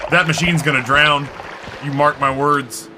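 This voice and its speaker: A man giving wry, profane running commentary while playing a video game, with sudden high yelps. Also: steady tone, unhurried, background noise. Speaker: game streamer. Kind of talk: casual gameplay commentary. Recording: game music loud behind voice.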